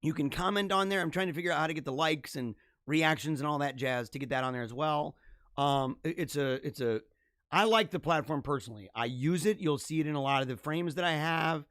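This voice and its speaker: Energetic slightly hoarse male host, higher-pitched. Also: brisk, no echo, studio quality. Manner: energetic, rambling and chatty. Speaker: podcast host. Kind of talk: casual livestream sign-off.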